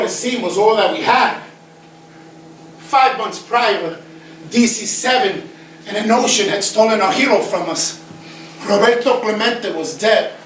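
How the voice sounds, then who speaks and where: A man with a Bronx New York accent telling a comic stage monologue, animated and profane. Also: sits high. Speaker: stage performer. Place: theater stage before an audience. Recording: echoey theater, distant mic, audience noise.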